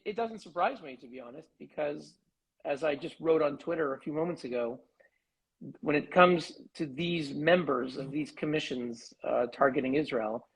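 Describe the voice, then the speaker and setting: A man giving an articulate, measured interview as a human rights advocate over a video call. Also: fairly high pitch, slightly rough, low-quality recording. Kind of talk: live online interview.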